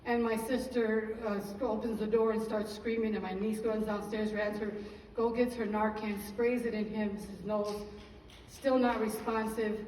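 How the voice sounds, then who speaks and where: A woman's voice: medium pitch, flat delivery, normal speed, a little mellow, a little hiss or hum. A woman giving an emotional church testimony, telling her story earnestly and praising God between sentences, recorded from far off in an echoey church hall.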